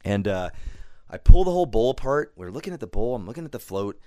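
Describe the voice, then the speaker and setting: Profane, animated man telling a story. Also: mid-range voice, quick pace, no echo. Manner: profane, animated storyteller who acts out his own quotes. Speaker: podcast guest. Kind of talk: casual storytelling. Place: studio.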